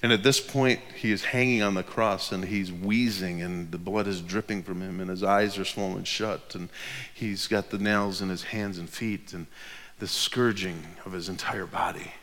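A man's voice: deep voice, steady tone, normal speed. Fervent male preacher in a reverberant hall. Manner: shifts from hushed whispers to loud, fervent preaching. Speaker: pastor. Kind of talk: sermon.

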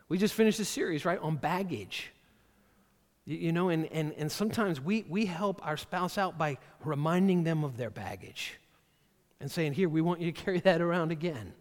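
A male pastor preaches in church with a high-pitched voice at a moderate pace. He speaks conversationally, often repeating words as he begins a phrase, and the large hall adds a long reverb.

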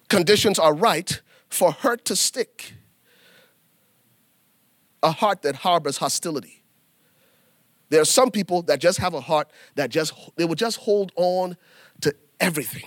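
A man preaching a sermon in an animated, folksy way, turning to the congregation and acting out little scenes. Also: a little high, dry recording, clean studio sound. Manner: animated preaching with acted asides; folksy, addresses congregation as y'all. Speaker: pastor.

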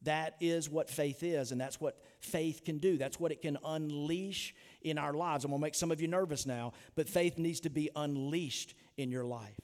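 Male pastor, emphatic sermon delivery, slightly high voice, long church-hall reverb. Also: fairly even intonation, normal speed, hardly any pauses, a little mellow. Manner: earnest, emphatic preaching with rhetorical questions. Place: church sanctuary.

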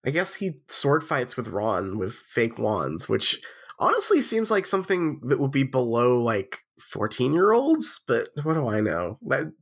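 A man's voice: measured pace, breathy edge. A man co-hosting a podcast, sounding nasal with the flu, chatting in a wry, sweary way. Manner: wry, sweary, lively pitch swings. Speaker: podcast co-host. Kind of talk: casual chat.

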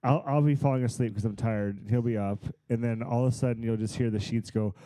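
Man, mellow tone, rambling casual chat, dry sound. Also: mid-range voice, fairly even intonation, brisk, no room sound.

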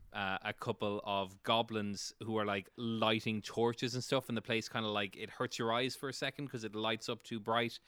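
A man narrates a tabletop game as game master, his voice bright, sharp and clean. He rambles through the action with fillers and casual swearing. The sound is dry and close, with no room around it. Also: fairly low pitch, clear, resonant tone, no echo. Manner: rambling, profane, many fillers.

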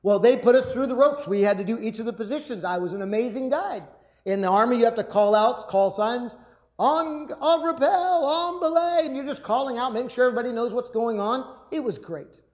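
A man giving a motivational talk to a live audience. He tells a personal story with energy, acts out shouted lines and often repeats his words. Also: very high-pitched, quick pace. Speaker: public speaker.

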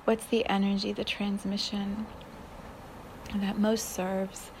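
A woman hosting a spiritual podcast, talking in a soft, dreamy way that often sinks into a breathy whisper. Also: medium pitch, level tone, takes it slowly, noisy background. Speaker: podcast host.

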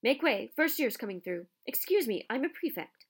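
Woman reading a pompous teenage prefect: loud, high, commanding, storybook reading. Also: big pitch swings, moderate pace, husky, full character voice. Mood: bossy. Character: bossy self-important teenage boy prefect. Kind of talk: audiobook character voice.

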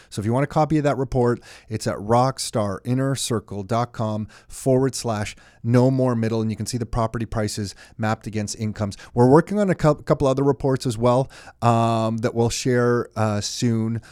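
A man's voice: medium pitch, darkish tone, no room sound, clean studio sound. A man co-hosting a podcast, chatting casually with many fillers and restarts. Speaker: podcast co-host.

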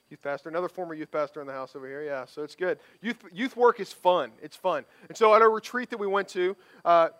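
A man's voice: on the high side, a bit bright. A male pastor preaching a sermon in a casual, conversational way, often checking in with the congregation and restarting his phrases. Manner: conversational, tag questions, repeated restarts.

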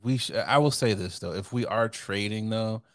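A man's voice: lowish voice, normal speed, dry recording, studio quality. A man co-hosting a casual podcast chat, joking and acting out quotes as he talks. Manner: animated, joking, acts out quotes. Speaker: podcast co-host.

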